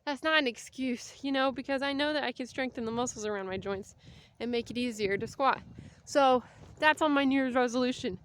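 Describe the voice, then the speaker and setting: Brisk and high-pitched with a slightly bright quality, this woman in her thirties vlogs as she walks a street, puffing a little. She's casual, chatty, and prone to tangents, with a bit of background noise behind her.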